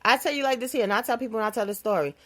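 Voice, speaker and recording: A woman hosting her own podcast, talking in a playful, animated, casual comedic monologue with phrasing. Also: fairly high pitch, rapid-fire. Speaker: podcast host.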